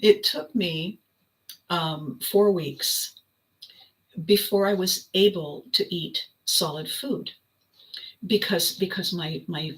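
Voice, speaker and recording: An older woman hosting her own video, telling a personal story in a casual, animated way with frequent laughter. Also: fairly low pitch, slow, poor audio. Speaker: vlog host.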